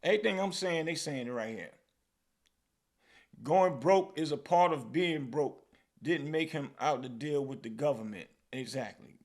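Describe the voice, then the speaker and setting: Gravelly New York man holding forth. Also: fairly high pitch, moderate pace. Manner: animated, repeats "man" and "bro". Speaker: podcast host. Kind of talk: casual commentary.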